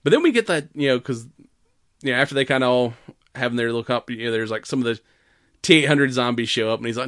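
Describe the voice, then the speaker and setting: A man's voice: mid-range voice, quick pace, a bit bright, dry recording, clean studio sound. Laughing, rambling man recapping a movie. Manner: laughs often, retells scenes with quoted voices; profane, rambling with many fillers. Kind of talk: casual movie recap chat.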